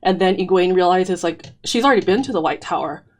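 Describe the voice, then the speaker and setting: A woman's voice: lowish voice, quick pace. A woman co-hosting a casual fan podcast, eagerly laying out theories with lots of fillers and a bit out of breath. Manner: excited, theorizing, many fillers. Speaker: podcast co-host.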